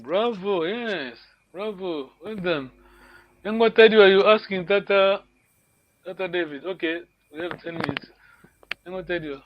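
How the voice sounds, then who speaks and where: A man's voice: high voice, normal speed, muffled recording, slight background noise. A man teaching a language class online, correcting students patiently and encouraging them.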